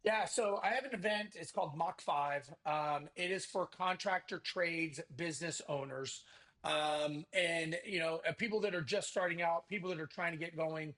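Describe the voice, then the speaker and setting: A man, a podcast guest, talking about his business event in a lively salesman's manner and acting out quoted conversations. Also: a little high, moderate pace. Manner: energetic salesman, acts out quoted dialogue. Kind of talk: casual interview talk.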